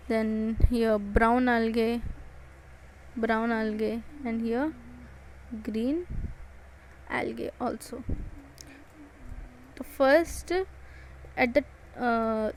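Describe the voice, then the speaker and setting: A woman's voice: on the high side, darkish tone, slight background noise, poor audio. A woman with an Indian English accent giving an exam-prep biology lecture, repeating and stressing key points. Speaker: biology teacher.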